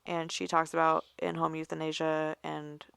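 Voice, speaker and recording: Brief: woman co-host, lively storyteller, lowish gravelly voice, dry close mic. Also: normal speed, dry recording. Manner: animated storyteller, acts out callers' voices. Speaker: podcast co-host. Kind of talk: casual chat.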